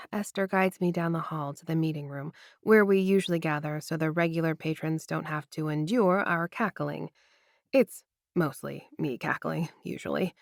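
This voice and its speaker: A woman reading a first-person romance audiobook with intimate, expressive storytelling. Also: lowish voice, no room sound, studio quality. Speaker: audiobook narrator.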